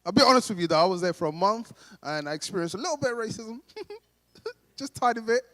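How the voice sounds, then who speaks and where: A young male comedian with a London accent performs stand-up at a gala dinner, talking casually to the crowd. His voice sits high for a man. The sound rings with the long echo of a big hall. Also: animated, fast, pushed and bright. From Britain. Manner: chatty, addresses the crowd directly, acts out quoted voices. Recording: live hall with long reverb.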